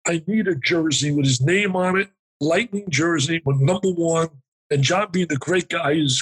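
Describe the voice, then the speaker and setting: Husky-voiced man telling an emotional story. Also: fairly high pitch, moderate pace, rough recording. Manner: animated, emphatic, restarts and acts out dialogue. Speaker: guest, motivational speaker.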